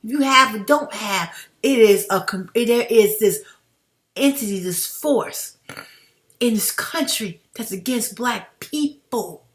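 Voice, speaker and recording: A woman's voice: on the high side, slow. A woman, talking straight to her viewers as "family" in an impassioned commentary vlog. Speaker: YouTube commentator. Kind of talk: direct-to-camera commentary vlog.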